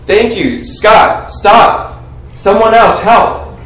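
Animated preacher man in an echoey hall. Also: high-pitched, slow pace. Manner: animated, coaxes the congregation to call out answers. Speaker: pastor. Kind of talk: sermon. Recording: echoey room, heard from a distance.

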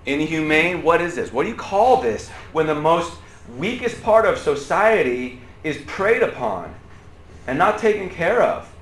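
A man preaching a sermon to a room, animated, swinging from loud outbursts to quiet asides and asking the audience questions. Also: on the high side, unhurried, echoey room, a little hiss or hum. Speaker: pastor.

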